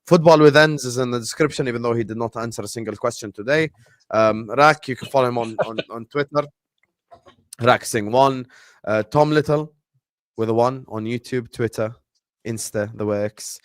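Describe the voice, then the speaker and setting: Male streamer host, brisk teasing banter, dry close mic. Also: medium pitch, no echo. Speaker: podcast host. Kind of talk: casual livestream chat.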